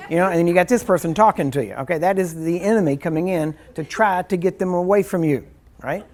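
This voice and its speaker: A man's voice: high-pitched, fast talker, a little mellow, a faint crowd. A man teaching a ministry class in a loose, rambling, conversational way, acting out little scenes and chuckling as he goes. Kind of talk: informal teaching sermon.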